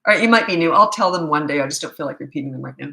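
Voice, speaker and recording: A middle-aged woman coaching parents in a live question-and-answer chat, blunt and matter-of-fact, with quick asides. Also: low voice, lively intonation, creaky, sharp tone, echoey room, poor audio.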